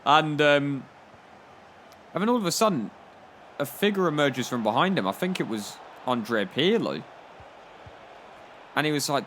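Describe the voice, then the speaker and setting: A man's voice: on the high side, animated, a little slow, long pauses, a bit bright, faint music behind. A young man commenting on his football game, spinning rambling, jokey stories full of "like". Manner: rambling, jokey storytelling with frequent "like". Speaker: gaming YouTuber. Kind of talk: comedic gameplay commentary.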